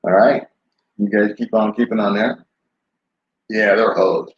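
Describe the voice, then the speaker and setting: An older vlogger with a fairly low, steady voice answers his live chat in a loose, rambling way, laughing often and never hurrying. The casual live-stream audio sounds roomy and slightly dull, like a lo-fi home setup.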